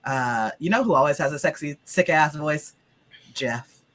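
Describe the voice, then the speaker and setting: A woman hosting as game master, her voice lower than usual because she is sick, in a chatty opening. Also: moderate pace. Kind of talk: casual stream opening.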